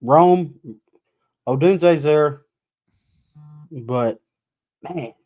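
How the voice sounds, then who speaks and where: A man's voice: fairly high pitch, drawn-out words, darkish tone. Easygoing man co-host chiming in. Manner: easygoing, chiming in with short agreements. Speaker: podcast co-host. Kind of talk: casual mock-draft chat.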